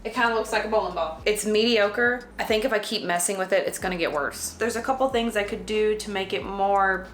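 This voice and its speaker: A woman's voice: medium pitch, quick pace, hardly any pauses, echoey room, a little hiss or hum. A woman with a Southern US accent and a slight lisp, chatting casually and joking at her own expense as she bakes in her home kitchen. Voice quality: slight lisp from a dental flipper. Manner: self-deprecating, jokey, talks to herself. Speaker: vlogger. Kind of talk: casual rambling chat while baking.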